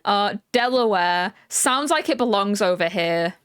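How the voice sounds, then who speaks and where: A woman's voice: medium pitch, expressive, unhurried, a bit bright, smooth. Playful joking woman streamer. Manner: playful, jokey guesses. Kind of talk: casual chat.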